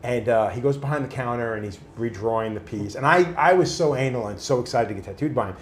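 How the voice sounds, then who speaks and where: A man's voice: mid-range voice, quick pace, reverberant, slight background noise. A man casually telling stories, swearing freely and acting out other people's voices. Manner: animated, swears freely, acts out quoted voices. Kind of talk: casual storytelling.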